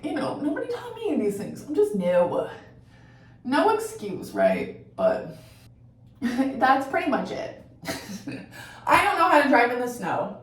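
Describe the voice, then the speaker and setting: A fairly high-voiced woman from Colorado chats and swears her way through a story as she does her makeup, tagging her lines with "right?". She sits well back from the mic in a very echoey room at home. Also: far from the mic. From Colorado, USA. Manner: chatty and profane, often tags sentences with "right?". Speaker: vlogger. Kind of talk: casual storytelling while doing makeup.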